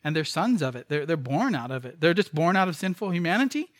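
A man's voice: a little high, lively intonation, fast, dry recording, clean studio sound. A man preaching a sermon as pastor, emphatic, repeating phrases and asking rhetorical questions.

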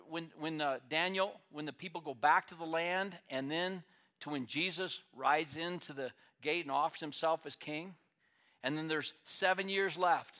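A male pastor delivers a sermon in a bright, forceful voice that sits a little high. He is emphatic, rising to loud declarations and dropping to quiet asides. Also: normal speed.

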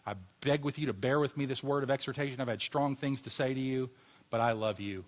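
A man's voice: mid-range voice, fairly quick. A man preaching a sermon as a pastor, earnestly exhorting his congregation and closing in prayer. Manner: earnest exhorting preacher, rising to fervent emphasis.

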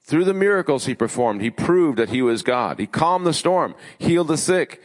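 A man preaching a sermon as pastor, emphatic, building his lists with rising pitch. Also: sing-song, normal speed. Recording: long hall reverb.

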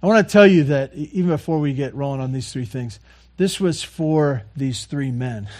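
A pastor preaches a sermon at normal speed in a mid-range voice. He earnestly repeats key phrases, shifting between quiet, soft lines and louder passages.

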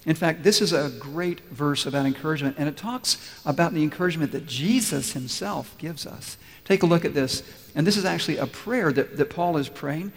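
Emphatic preacher in a reverberant hall. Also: male voice, fairly high pitch. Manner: emphatic, repeats key phrases slowly. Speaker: pastor. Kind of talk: sermon. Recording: long reverb of a large hall.

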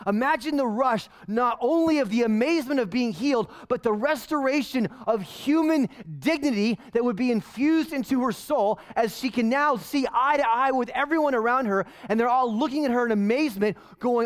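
A male pastor preaching a sermon in an animated, conversational way full of rhetorical questions. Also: extremely high pitch, normal speed.

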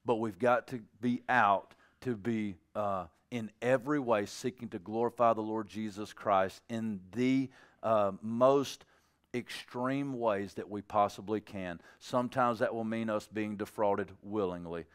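A man preaching a sermon in a church, conversational and animated, acting out little dialogues with the congregation. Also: fairly low pitch, a little slow, clear, resonant tone. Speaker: pastor.

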